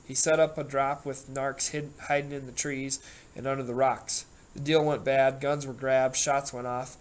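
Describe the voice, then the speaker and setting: A man voicing a gruff middle-aged male small-town sheriff, a rambling, folksy storyteller who grunts and growls his words. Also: mid-range voice, level tone, moderate pace, lightly acted. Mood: folksy storytelling.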